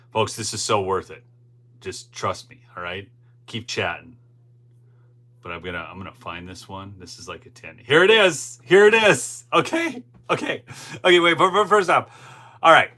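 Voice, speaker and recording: Bright-voiced man hosting a rambling livestream. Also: on the low side, breathy edge. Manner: rambling and conversational, often tagging "okay?". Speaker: host of a political commentary livestream. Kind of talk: casual live commentary reading the chat.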